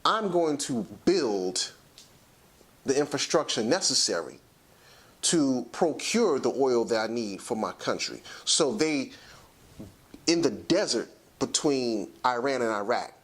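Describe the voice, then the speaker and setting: A man hosting a talk show, giving a lecturing, emphatic commentary and slowing down to stress his points. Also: mid-range voice, big pitch swings, husky.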